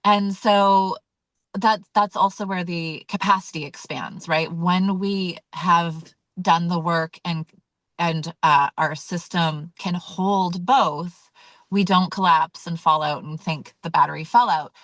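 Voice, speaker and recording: A woman's voice: lowish voice, steady tone, slow pace, dry recording. A woman leading a weekly community call, talking casually and candidly with many fillers and acting out her own reactions. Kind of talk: casual teaching talk.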